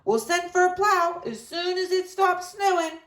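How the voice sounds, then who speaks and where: A woman doing a brisk train conductor. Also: very high voice, level tone, fairly bright tone, echoey room, recorded from a distance, soft background music, pitched above the performer's own voice. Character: hurried male train conductor.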